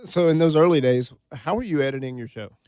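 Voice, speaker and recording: A man's voice: on the high side, brisk, darkish tone, no echo, studio quality. Easygoing man asking interview questions. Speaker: interview host.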